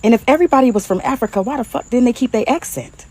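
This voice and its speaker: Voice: mid-range voice, lively intonation, racing, a little mellow, slightly rough. A speaker with a Detroit accent giving a crude, laughing, mocking rant on social media.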